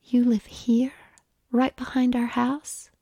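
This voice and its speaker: A woman's voice: fairly high pitch, monotone, takes it slowly, mellow, slightly rough, no room sound, clean studio sound, full character voice. A woman voicing a bewildered, laid-back young man who sputters, in whispered role-play. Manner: flustered, sputtering.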